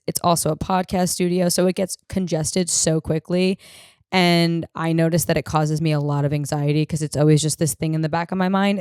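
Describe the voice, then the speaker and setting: A young woman hosting a podcast from a room in her home, telling stories in an animated, profane, self-deprecating way. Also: on the low side, clear, resonant tone, no room sound, studio quality. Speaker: podcast host. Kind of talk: casual storytelling chat.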